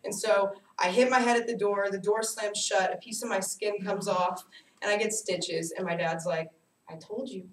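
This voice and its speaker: A woman's voice: mid-range voice, moderate pace. Young woman telling stories in an echoey room. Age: young adult. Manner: animated, self-mocking storytelling. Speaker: student giving a speech. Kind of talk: personal storytelling speech. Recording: echoey room, distant mic, faint hiss.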